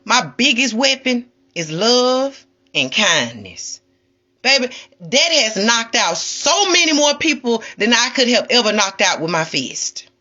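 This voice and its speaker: A woman's voice: on the high side, bright, forceful tone, muffled recording. Sassy, preachy woman ranting on a livestream. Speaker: spiritual livestreamer.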